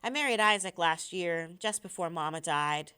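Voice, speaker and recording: A woman's voice: on the low side, lively intonation, moderate pace, sharp tone, clean tone. A woman reading as a wary, proud young woman. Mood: earnest.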